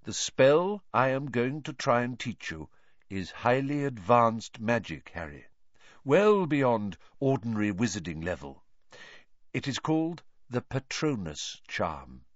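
A man voicing a calm, thoughtful adult male teacher explaining carefully in an audiobook. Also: medium pitch, unhurried, no room sound, voice pushed up. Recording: dull lo-fi.

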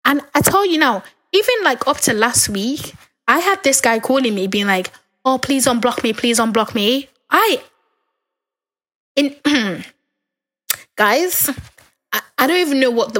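A young adult woman hosting a podcast alone, talking in a candid, rambling, chatty way, her voice a little hoarse from talking so long. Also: fairly high pitch, animated, measured pace, pauses often, a bit bright. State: losing her voice, a bit hoarse. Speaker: podcast host. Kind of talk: casual podcast monologue.

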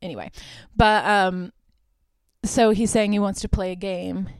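A young woman hosts a podcast, casually chatting about movies and retelling scenes with plenty of fillers and the occasional swear word. Her mid-range voice is steady, smooth and a little slow, with no room sound.

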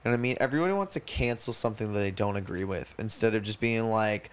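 A man's voice: fairly low pitch, animated, quick pace, hardly any pauses, smooth. A young man co-hosting a podcast in casual chat, blunt and profane, rambling through his points. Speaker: podcast co-host.

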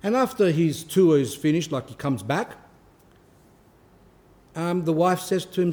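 A man who is a priest, giving an earnest sermon with pauses for emphasis. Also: on the high side, expressive, darkish tone. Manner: earnest, pausing to stress points.

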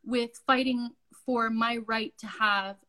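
A woman's voice: a little high, steady tone, takes it slowly, pushed and bright, poor audio. A woman co-hosting a podcast, speaking earnestly and emphatically and closing the episode. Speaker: podcast co-host. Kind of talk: podcast discussion and sign-off.

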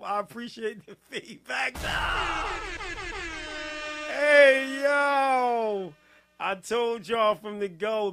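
A man hosting a music-review show in casual live-stream talk, laughing constantly, shouting "hey, yo" and repeating himself. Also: high-pitched. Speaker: podcast host reviewing music.

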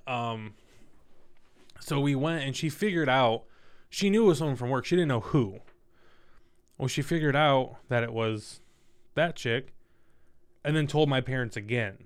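A young man casually telling a personal story in a candid, profane, animated way. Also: mid-range voice, unhurried, pauses often, clean tone.

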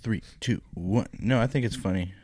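A man's voice: on the low side, normal speed, darkish tone, no room sound. A man co-hosting a podcast with his child, teasing dryly in casual chat. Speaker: co-host, the host's father.

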